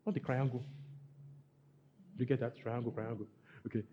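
A man preaching a sermon, emphatic and repetitive, building to loud exhortations. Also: mid-range voice, fairly even intonation, moderate pace, long pauses, highs cut off, a little hiss or hum. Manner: emphatic, repeats phrases, rising to loud exhortations. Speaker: pastor.

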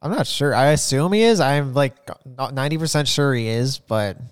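A man's voice: medium pitch, normal speed, clear, resonant tone. A man co-hosting a podcast, joking and laughing along in casual banter. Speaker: podcast co-host.

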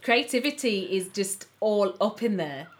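With a medium pitch, lively intonation and an unhurried pace, this podcast co-host from the English Midlands talks earnestly and reflectively. It's a casual chat.

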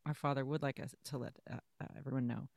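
Woman, low voice, dry close sound, playful chatty podcast co-host. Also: fairly even intonation, quick pace, vocal fry, darkish tone, no echo. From Canada. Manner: chatty, playful, laughs often, many fillers. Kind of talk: casual podcast chat.

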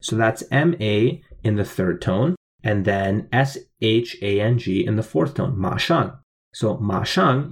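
Male teacher, low husky voice, patient step-by-step explainer. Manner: explains word by word, spelling out tones. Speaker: language teacher playing a waiter. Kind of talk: language lesson.

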